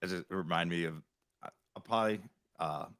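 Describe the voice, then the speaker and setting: A man hosting a podcast, chatting casually with halting restarts and frequent laughs. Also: low-pitched, a bit bright, no room sound, studio quality. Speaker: podcast host.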